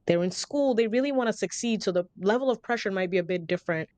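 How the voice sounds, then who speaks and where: A woman's voice: medium pitch, fast talker, darkish tone, dry recording. A woman hosting an interview podcast, reflective and asking long, thoughtful questions. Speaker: podcast host. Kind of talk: interview conversation.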